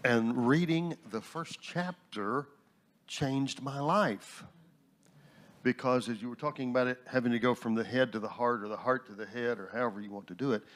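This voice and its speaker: A man shares a personal story in a relaxed panel discussion. His voice sits at an ordinary middle pitch, and he slips humorous asides into his telling. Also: normal speed. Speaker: New Thought minister and instructor. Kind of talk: casual panel talk.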